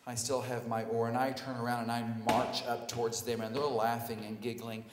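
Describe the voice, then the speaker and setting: A man telling a personal story live on stage, animated and self-mocking, acting out the scenes. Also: mid-range voice, fairly quick, noisy background. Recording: echoey hall, live stage.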